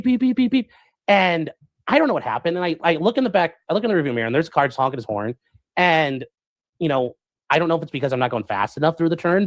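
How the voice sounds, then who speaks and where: A man streaming, telling a story to his chat in a rambling, animated way, full of fillers and acted-out quotes. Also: on the high side, no room sound. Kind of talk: casual storytelling to a live chat.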